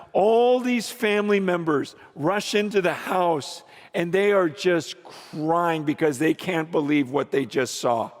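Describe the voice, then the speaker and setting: A male preacher with a high voice tells a story at a slow, deliberate pace. He sinks into hushed, low passages and then climbs to loud, emphatic peaks. The sound carries a long reverb, as in a large hall. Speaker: pastor. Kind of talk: sermon storytelling.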